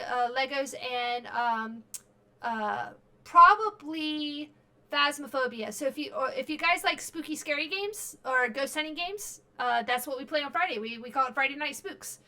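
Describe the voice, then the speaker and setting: A high, bright woman's voice from a streamer who is worn out late at night. She rambles through casual chat, stops and starts, and fills the gaps with ums and uhs. She talks close into a desk mic. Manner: rambling, halting, many fillers and restarts. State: very tired.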